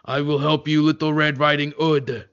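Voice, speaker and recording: A man's voice: on the high side, level tone, moderate pace, fairly bright tone, clear, resonant tone. Brief: a man playing a cheery male bear, thick French accent, hammy and theatrical, lo-fi sound.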